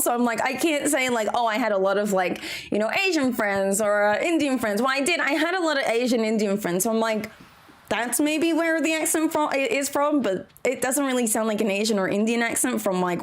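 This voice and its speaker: A woman from Australia streaming a farming game, chatting casually with her viewers and giggling often as she plays. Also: sits high. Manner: chatty, giggly, talks to chat while playing. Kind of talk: casual gameplay commentary.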